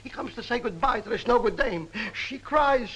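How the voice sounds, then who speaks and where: An actor playing a brash, excitable male song publisher who talks in fast, slangy, theatrical sales patter, in a 1950s film comedy. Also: extremely high pitch, breathy edge, heavily acted, poor audio. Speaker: music publisher.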